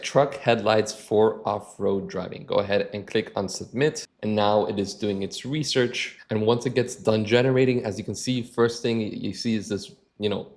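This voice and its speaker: Man, lowish voice, casual tech tutorial host, relaxed with lots of restarts. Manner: relaxed, with frequent restarts and filler phrases. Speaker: channel host. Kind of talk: casual screen-share tutorial.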